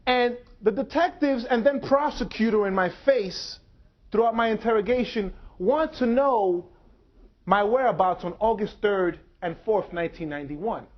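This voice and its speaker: A man in his forties delivers a public lecture in short, measured phrases broken by dramatic pauses. His voice sits fairly high. The recording is dull and lo-fi. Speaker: speaker.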